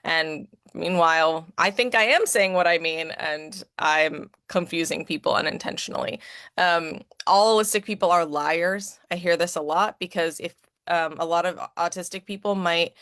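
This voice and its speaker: A woman's voice: fairly low pitch, measured pace, a bit bright, no room sound, studio quality. A woman who is an advocate and educator giving a conversational presentation, often checking in with "right?". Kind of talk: presentation talk with slides.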